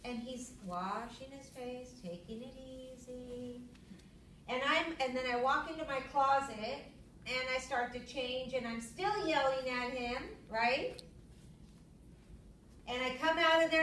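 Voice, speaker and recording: A middle-aged woman, teaching a yoga lecture to students as a lively storyteller. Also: a little slow, slight background noise. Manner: lively storyteller, acts out her own yelling in a high voice. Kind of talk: classroom lecture. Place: classroom. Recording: echoey room, far from the mic.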